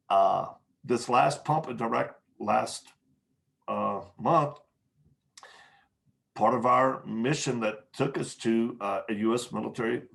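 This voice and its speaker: A man, a podcast guest, telling candid stories in conversation, with frequent pauses and restarts. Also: mid-range voice, gravelly, a bit bright. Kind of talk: storytelling in conversation.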